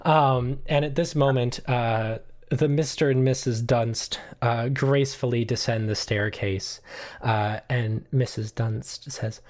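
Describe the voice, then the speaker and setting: A woman narrating a tabletop game as game master, relaxed with frequent fillers. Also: very deep voice, slow.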